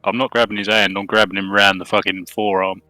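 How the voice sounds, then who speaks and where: A man's voice: fairly low pitch, flat delivery, fast, bright, forceful tone, dry recording, soft background music. A man playing a tabletop game, blunt and matter-of-fact. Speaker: player.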